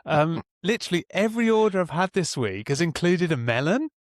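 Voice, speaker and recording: This middle-aged man chats easily and warmly on a podcast, his talk upbeat and full of laughter. The sound is dry and close, with no room around it. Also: on the high side, big pitch swings, no room sound. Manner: chatty and upbeat, quick to laugh. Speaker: podcast co-host. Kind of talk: casual podcast chat.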